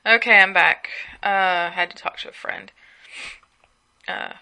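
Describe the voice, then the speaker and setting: A woman's voice: medium pitch, steady tone, unhurried, sharp tone. A sleepy young woman chatting casually at home as a solo podcast host, gossiping and rambling with asides. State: sleepy, yawning.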